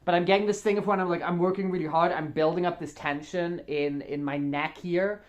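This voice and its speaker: An enthusiastic furry vlogger talking straight to the viewers in a loose, rambling way. The speech is full of ums, likes and restarts, and the tone stays friendly and upbeat throughout. The pitch sits in an ordinary middle range. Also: fairly even intonation, brisk, highs cut off. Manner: rambling, filler-heavy, enthusiastic. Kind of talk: casual chat to camera.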